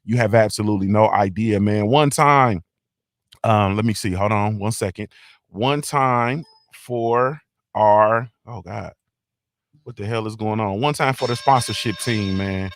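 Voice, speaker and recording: A man's voice: on the low side, unhurried, no echo. A man hosting a casual morning talk show, speaking in a loose, laid-back way with lots of fillers and repeated tags. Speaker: host.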